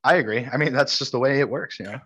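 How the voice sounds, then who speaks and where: A man's voice: medium pitch, fast, a bit bright, breathy edge, highs cut off. A man from Brooklyn co-hosting a podcast, telling a story between friends and laughing often. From Brooklyn, New York. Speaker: podcast co-host. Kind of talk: casual storytelling chat.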